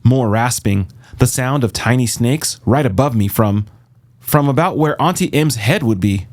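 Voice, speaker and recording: A man narrating an audiobook in the first person with a steady, measured delivery. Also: medium pitch. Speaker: audiobook reader.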